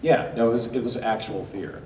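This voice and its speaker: A man telling lively anecdotes as a guest at a convention panel, recorded from the audience. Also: mid-range voice, brisk. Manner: lively storyteller, slips into character voices. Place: large convention hall. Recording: echoey hall from far off, faint crowd noise.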